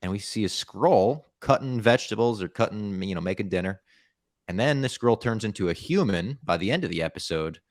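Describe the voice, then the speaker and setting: A man's voice: lowish voice, animated, fairly quick, no echo, studio quality. A man hosting a podcast in casual chat, making wry, offhand remarks. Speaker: podcast host.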